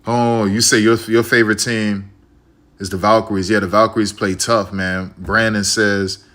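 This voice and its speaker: A man's voice: fairly low pitch, little pitch movement, normal speed, a bit bright. A man from Chicago streaming live, talking casually and repetitively to his viewers, with a preachy way of speaking.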